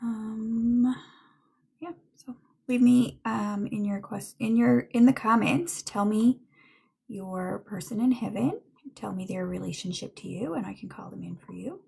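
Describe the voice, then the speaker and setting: Woman, tarot reader, livestream chat, very gravelly fry, unhurried. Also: mid-range voice. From Newfoundland, Canada. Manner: chatty, slow, drifts into soft muttered asides. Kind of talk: casual livestream reading answering comments.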